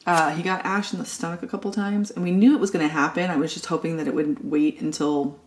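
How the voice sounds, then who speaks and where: A woman's voice: sits low, little pitch movement, quick pace. A middle-aged woman vlogging in a casual, rambling way, telling a family story with lots of filler words. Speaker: planner vlogger. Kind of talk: casual chat.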